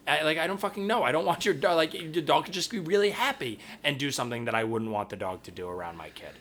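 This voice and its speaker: A young man, a podcast co-host, chatting casually in a blunt, profane, animated way. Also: a little high, fast talker, crowd noise.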